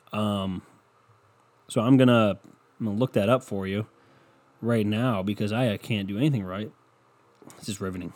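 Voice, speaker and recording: Young male podcaster, solo rant, sarcastic, swears a lot, rambling, mid pitch. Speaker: podcast host.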